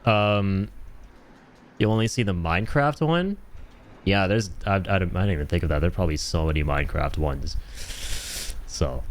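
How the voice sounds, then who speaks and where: With a low-pitched voice and a moderate pace marked by long pauses, a young man with a North American accent livestreams a game. He chats casually and tells stories, often laughing and letting sentences trail off into fillers.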